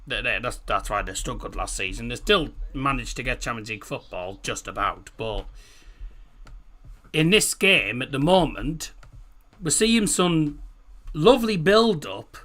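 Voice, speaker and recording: A man's voice: mid-range voice, sing-song, unhurried, fairly bright tone. A British man hosting a live football watchalong, chatting casually and rambling with laughs between remarks. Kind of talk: casual live match commentary.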